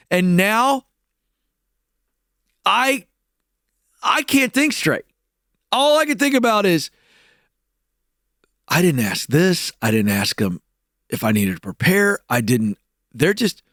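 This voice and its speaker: A man telling a personal story to an audience in a lively way, acting out the voices of others and often repeating words. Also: a little high, dry recording, clean studio sound. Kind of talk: animated storytelling talk.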